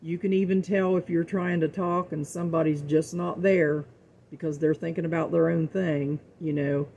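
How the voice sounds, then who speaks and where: A middle-aged woman hosts her home cooking show and drifts into earnest, folksy talk about faith. Her voice is mellow and gravelly, with a fry at the ends of phrases. She repeats words to drive a point home. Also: low-pitched, steady tone, normal speed, muffled recording, slight background noise. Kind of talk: casual faith-filled talk to viewers.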